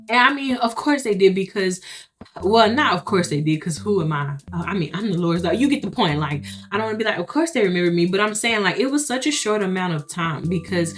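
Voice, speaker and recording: Animated young woman telling a story. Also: mid-range voice, brisk. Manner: animated, chatty, laughs often, playacts others' voices. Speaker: vlogger. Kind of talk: casual storytelling to viewers.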